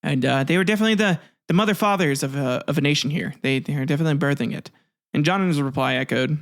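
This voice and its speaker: This history video host talks fast in a voice on the high side, telling the story casually and offhand. Jokes, asides, occasional swearing, and restarted words run through his narration.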